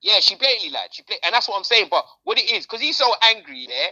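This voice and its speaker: Animated, slangy podcast host. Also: mid-range voice, quick pace, poor audio. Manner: animated, slangy, repeats phrases. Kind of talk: casual chat.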